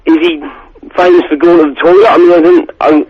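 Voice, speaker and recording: A man's voice: a little high, fairly even intonation, fast, slightly rough. A man from Suffolk with a Suffolk accent, phoning in to a radio show and chatting in a rambling way. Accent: Suffolk English. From Suffolk, England. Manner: rambling, chatty, says "you know what I mean". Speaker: radio caller. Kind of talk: phone-in chat. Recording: dull lo-fi radio recording.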